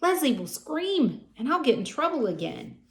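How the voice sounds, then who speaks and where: A woman's voice: sits high, big pitch swings, moderate pace, voice pushed up. A woman voicing a stubborn young schoolboy who protests and argues, in a storybook read-aloud. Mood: protesting. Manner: protesting, insistent.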